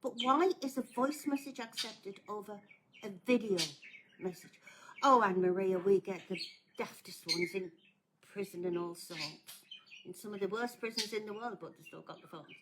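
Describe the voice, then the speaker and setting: A woman with a mid-range voice speaks at a normal speed over background noise. As a scam awareness advocate, she gives viewers a casual warning, blunt and earnest, pleading with them to think.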